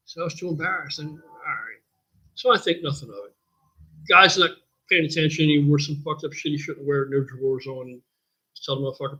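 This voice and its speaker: A man's voice: a little high, lively intonation, moderate pace, long pauses, a bit bright, breathy edge, dull audio. A man casually telling a rambling, profane story on a livestream as a gym owner.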